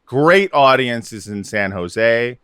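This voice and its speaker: A man's voice: medium pitch, lively intonation, fairly bright tone, clean tone, no room sound, clean studio sound. A man co-hosting a comedy podcast, chatting casually and joking loosely with his guests. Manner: joking, loose, with drawn-out questions. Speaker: podcast co-host.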